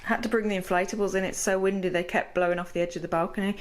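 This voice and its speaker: A woman's voice: mid-range voice, steady tone, racing, slight background noise. A woman vlogging casually as a pet sitter, chatting to the camera and cooing playfully at the pets. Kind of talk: casual vlog chat.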